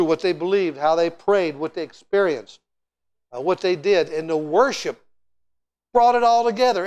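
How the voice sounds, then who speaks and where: A middle-aged man preaching a sermon in a church as guest speaker, telling stories with lively, animated delivery and frequent restarts. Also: high voice. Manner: animated, storytelling, repeats words and restarts often. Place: church sanctuary.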